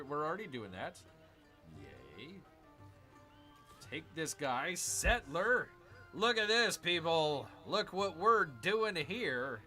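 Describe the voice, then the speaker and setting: Calling out to his viewers as "people," this medium-pitched gaming streamer exclaims excitedly while playing a strategy game. His live commentary mixes gameplay talk with reading chat.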